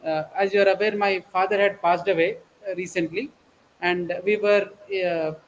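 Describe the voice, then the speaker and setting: A middle-aged man speaking softly and hesitantly, with many pauses and fillers. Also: sits high, fairly even intonation, a little hiss or hum, low-quality recording.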